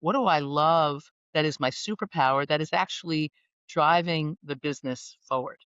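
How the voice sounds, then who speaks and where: A woman executive coach talking on a podcast, animated and playful, fond of wordplay. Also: deep voice, moderate pace, smooth, dry recording, highs cut off. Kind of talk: conversational podcast interview.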